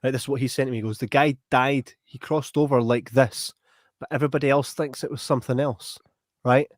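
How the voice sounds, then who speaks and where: A man's voice: mid-range voice, a little fast, dry recording, clean studio sound. A young Scottish man hosting a podcast, telling a long story in a casual, rambling way and often tagging on "right?". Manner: animated, rambling, repeats "right?". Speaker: podcast host.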